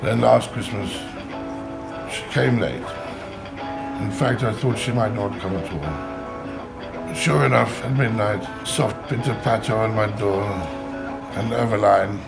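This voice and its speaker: A man's voice: on the low side, takes it slowly, gravelly, pauses often, over loud music, low-quality recording. A man in a comedy sketch, talking in a pompous, old-fashioned, condescending way.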